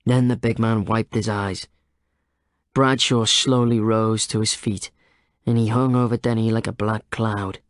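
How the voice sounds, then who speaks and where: A man narrating an audiobook in a steady, measured way, close to a studio microphone. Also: on the low side, no echo. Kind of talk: scripted narration.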